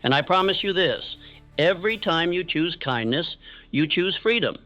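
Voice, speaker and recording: Male motivational speaker, raised pitch, earnest and measured, dry close sound. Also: lively intonation, bright, forceful tone, no room sound. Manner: measured, earnest, guiding listeners through affirmations. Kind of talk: scripted motivational speech. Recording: dull lo-fi sound with faint music.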